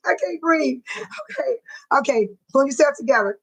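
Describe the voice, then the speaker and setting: A woman with a high, bright-pitched voice hosts a casual live stream. She reads viewers' comments aloud in loose, slangy speech and keeps breaking into laughter. Her talk is aimed straight at the audience. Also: expressive, moderate pace, low-quality recording. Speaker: livestream host reading the chat.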